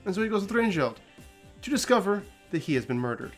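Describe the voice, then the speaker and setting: Guy excitedly recapping a story, laughs a lot, fairly high voice, soft music behind. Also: fast. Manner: animated, laughs often, acts out quotes. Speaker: host.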